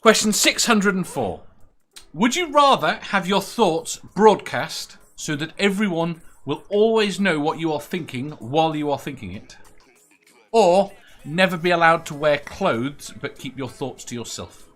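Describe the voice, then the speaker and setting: A man hosting a casual online quiz hangout over a video call, reading out chat comments briskly and laughing often. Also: fairly high pitch, animated, a bit bright, soft background music. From Merseyside area of England.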